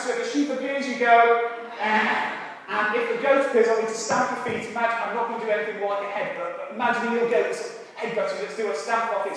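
A man leads an all-age church sermon, playful and lively as he talks to the children. His voice sits fairly high. He is heard from a distance in a church hall with a long, booming reverb. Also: a little hiss or hum. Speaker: preacher. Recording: echoey church hall, voice from far off.

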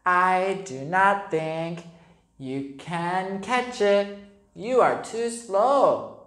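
A woman voicing a clever young boy who teases animals in a high, slow, taunting voice. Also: fairly bright tone, echoey room.

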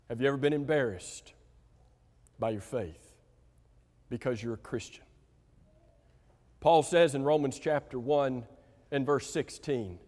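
Man, preacher, sermon, emphatic, questions the congregation, long church reverb. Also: high voice. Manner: emphatic, slows down to stress key words; asks the congregation direct questions. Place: church sanctuary.

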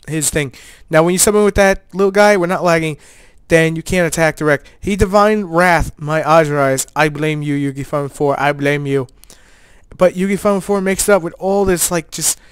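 A man's voice: fairly high pitch, clear, resonant tone, no echo. A man giving casual, joking commentary over a card game he played, with laid-back gamer slang. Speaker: player and channel host.

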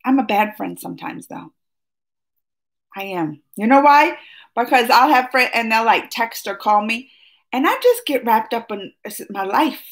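Chatty high-voiced woman on a morning livestream at home, excitable, laughs a lot, keeps talking to chat. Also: moderate pace, vocal fry. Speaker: livestream host. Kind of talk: casual live chat with viewers. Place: at home, just woken up.

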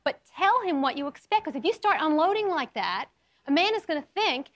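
High-voiced animated woman talk-show host. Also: fairly quick. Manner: animated, coaching, playful role-play demos. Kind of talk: studio talk show, addressing audience. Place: TV studio with audience.

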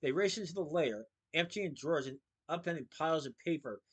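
A man reading a children's book aloud, steady with small slips and restarts. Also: a little high, a little fast, husky.

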